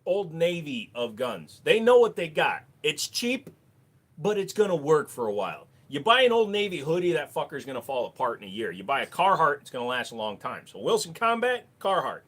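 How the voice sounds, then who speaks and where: A man's voice: on the high side, sing-song, brisk, a bit bright. A man with a Minnesota accent, speaking in a slightly raised register. He takes chat questions on a casual livestream and answers them bluntly, with plenty of cussing.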